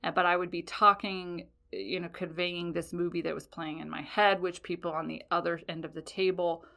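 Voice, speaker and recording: A woman in her forties tells her own story on her podcast, plain-spoken and full of swearing. Her voice sits a little low and has a gravelly fry running through it. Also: fairly even intonation, normal speed, bright, forceful tone. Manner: blunt, profane, confessional. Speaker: podcast host. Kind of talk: candid personal storytelling.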